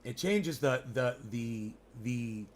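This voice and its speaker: Slow but animated, a mid-range male voice comes through with slight background noise. He's a vlogger at home in the mountains, chatting loosely and profanely straight at his audience.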